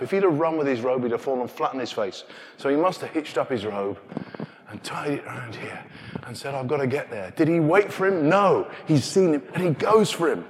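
A man with an English accent preaching a sermon, telling stories with animated asides. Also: medium pitch, slight background noise. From England. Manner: animated storytelling, acting out scenes in hushed asides. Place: church. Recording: long reverb of a large church.

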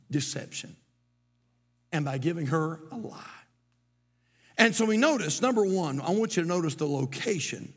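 A man's voice: high voice, a bit bright, breathy edge. A middle-aged man, preaching a sermon as pastor, moving from folksy storytelling to emphatic preaching. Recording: long hall reverb.

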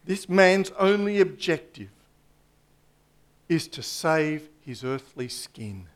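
A man delivers a sermon in a fairly high voice. He takes his time, weighing each phrase with long pauses, and often sinks to a hush at the end of a point. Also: sing-song. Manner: slow, emphatic preaching with dramatic pauses and drops to a hush. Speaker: preacher.

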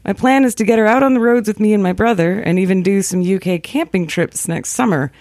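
A woman's voice: mid-range voice, brisk, a little mellow, dry recording. A woman co-hosting a podcast, reading a listener email aloud and adding light jokes. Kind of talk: casual chat.

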